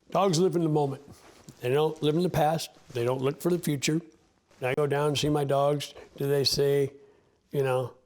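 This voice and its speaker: A man's voice: a little high, a little mellow. A man in an interview, talking about his sled dogs in an earnest, heartfelt way, often restarting his sentences. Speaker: interview guest, sled dog musher. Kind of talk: candid interview talk.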